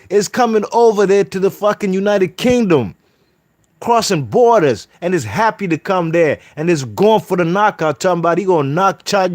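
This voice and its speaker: A man's voice: sits high, no room sound, clean studio sound. A man hosting a boxing commentary channel who rants heatedly and profanely, often adding "you know what I mean". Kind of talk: reading quotes then ranting commentary.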